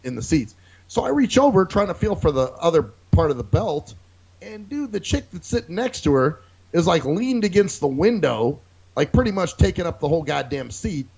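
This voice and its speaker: A man's voice: fairly high pitch, very animated, normal speed, creaky, darkish tone, breathy edge. A man co-hosting a casual podcast, telling a profane story and acting out other people's lines. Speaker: podcast co-host. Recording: dull lo-fi recording.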